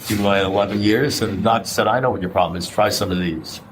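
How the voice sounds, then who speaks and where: A man's voice: on the low side, racing, background noise. A middle-aged man speaking at a recovery meeting, blunt and conversational, throwing out rhetorical questions and the odd curse. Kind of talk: personal share at a recovery meeting.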